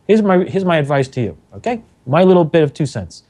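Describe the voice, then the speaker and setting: Middle-aged male radio engineer, animated anecdote teller with a slightly high voice. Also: brisk, hardly any pauses. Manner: animated storyteller, acts out quotes, laughs often. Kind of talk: telling anecdotes on a talk show.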